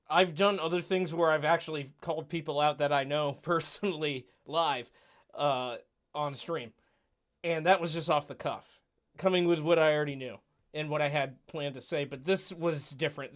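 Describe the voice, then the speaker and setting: A man with a fairly high voice hosts a casual podcast chat. He talks earnestly, hunting for words and restarting his sentences. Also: fairly even intonation, normal speed, a bit bright. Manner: earnest, hesitant, full of fillers and restarts. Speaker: podcast host and streamer.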